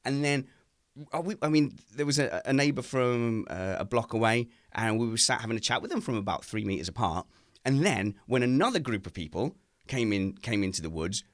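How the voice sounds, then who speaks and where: A man chatting casually on a home video call, telling animated family stories and jumping into silly high voices when he quotes people. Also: fairly quick, no room sound, studio quality. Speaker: podcast co-host. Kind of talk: casual chat. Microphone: home mic on a video call.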